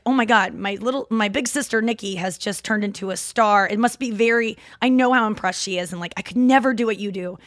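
A woman in her thirties with a Midwestern accent, hosting a podcast in rambling, animated casual chat from home. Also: mid-range voice, no room sound, studio quality. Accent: Midwestern American. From St. Louis, Midwest US. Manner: rambling, animated, lots of fillers and self-interruptions. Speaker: podcast host. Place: home, seated in a chair.

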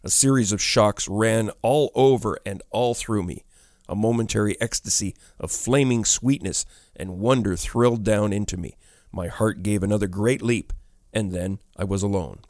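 A man narrating a classic ghost story audiobook in a measured, expressive way. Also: lowish voice, no room sound, studio quality.

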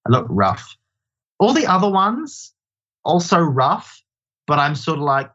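A man's voice: a little high, unhurried. Chatty self-mocking man, dull lo-fi sound. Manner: chatty, self-deprecating, animated storytelling. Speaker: guest, drag performer. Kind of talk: casual interview chat.

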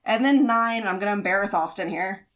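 A woman's voice: mid-range voice, fairly quick, fairly bright tone. A woman in her thirties co-hosting a podcast, giving casual advice in a chatty way with many fillers and acted-out quotes. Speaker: podcast co-host.

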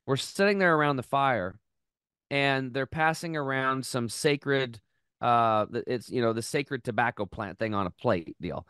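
A man hosting a health podcast, earnestly telling an emotional story in a close, animated way with many restarts. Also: medium pitch, unhurried, clear, resonant tone, dry recording. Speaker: podcast host.

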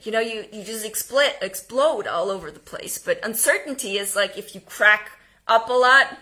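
A woman coaching on voice and tone in a live online workshop, informal and quick to laugh at herself, swinging between loud demonstrations and hushed, paused delivery. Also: on the high side, animated. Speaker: communication coach.

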